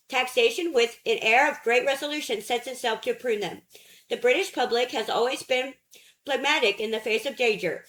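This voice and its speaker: Higher-voiced woman narrating an audiobook. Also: low-quality recording. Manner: measured, steady reading of essay prose.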